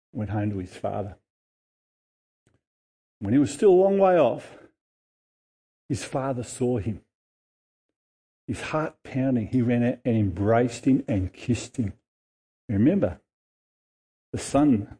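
Man preaching with a mellow voice. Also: mid-range voice, a little slow, pauses often, breathy edge. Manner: animated storytelling, acting out characters' lines. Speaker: pastor. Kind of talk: sermon retelling a parable.

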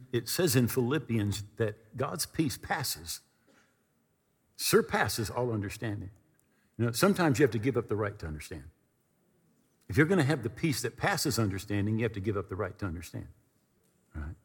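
A man preaching a storytelling sermon from a podium, animated and repetitive, moving between comic and earnest. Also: medium pitch, husky. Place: church hall at a podium. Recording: reverberant hall.

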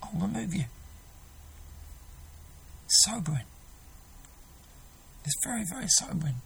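Preacher guy giving a sermon, gravelly husky voice, earnest, keeps restarting. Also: high voice, sing-song, unhurried, a bit bright, rough recording.

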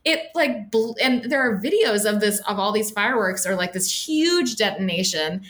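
A woman's voice: medium pitch, lively intonation, moderate pace, a bit bright, a little hiss or hum. A woman co-hosting a podcast, talking casually with many fillers and a sarcastic edge. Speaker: podcast co-host. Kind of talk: casual political chat.

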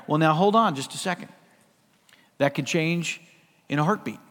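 Middle-aged pastor preaching, fairly high voice, big echo in the sanctuary, goes loud then quiet. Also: male voice, normal speed. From US West Coast. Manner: conversational, dynamic, swings between loud and hushed. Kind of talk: sermon.

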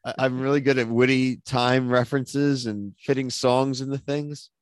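A man hosting a casual pop-culture podcast, excitable and rambling, with lots of filler words. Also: mid-range voice, normal speed, clean tone, no room sound. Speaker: podcast host.

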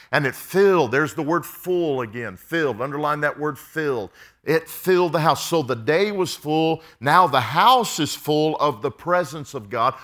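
Bright-voiced preacher man. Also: on the high side. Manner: storytelling, excited, with quoted exchanges and call-outs of amen. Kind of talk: sermon.

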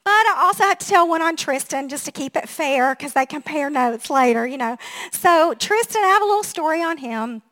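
A middle-aged woman pastor giving a sermon, telling funny family stories in an animated way and laughing at herself. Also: sits high, brisk.

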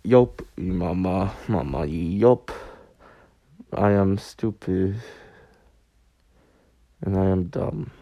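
A man's voice: deep voice, drawn-out words, pauses often, warm tone, no room sound. A young man hosting a podcast from his bedroom, rambling in a goofy, self-mocking way. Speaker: podcast host. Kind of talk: rambling solo podcast chat. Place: bedroom, on a squeaky bed.

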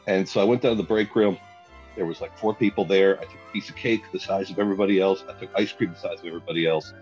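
A young man telling a comic story in a casual chat, animated and laughing often as he acts out what people said. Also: low-pitched, racing, lo-fi sound, faint music behind.

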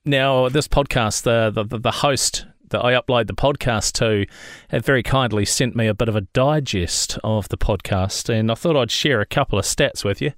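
A man with a New Zealand accent hosting a casual podcast chat, chatty and quick to laugh, calling his co-host mate. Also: mid-range voice, no room sound, clean studio sound.

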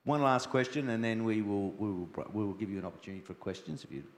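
A very deep-voiced man asks a church member halting, searching questions and stops often to rephrase. His voice rings around a church hall with a long, lingering echo. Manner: halting, searching questions full of restarts and ums. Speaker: interviewer in a church service. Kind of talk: church interview.

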